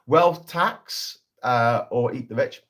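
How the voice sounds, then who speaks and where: A man's voice: mid-range voice, slow, fairly bright tone. A man hosting a casual political livestream, talking in a sarcastic, sweary, rambling way.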